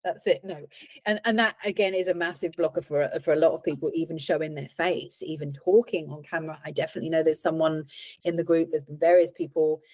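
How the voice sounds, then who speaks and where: Low-voiced woman podcast host. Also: steady tone, fast talker, a little mellow, no echo, rough recording. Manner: reflective, asks probing questions. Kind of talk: casual podcast conversation.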